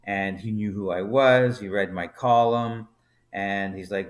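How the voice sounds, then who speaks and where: Man, low voice, animated storyteller, podcast guest, brewery co-founder. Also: a little slow. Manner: animated storyteller, acts out dialogue in quotes. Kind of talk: storytelling anecdote in conversation.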